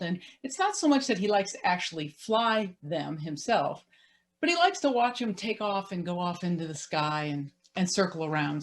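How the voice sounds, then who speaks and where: Lively self-mocking woman storyteller. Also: on the low side. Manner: lively, self-mocking, laughs while telling. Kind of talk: live personal storytelling.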